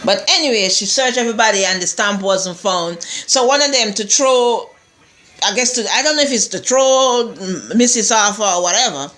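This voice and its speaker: A woman's voice: medium pitch, expressive, normal speed, a bit bright. Woman reviewer, chatty, rambling recap, lots of asides and restarts. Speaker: TV show reviewer. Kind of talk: casual episode recap chat.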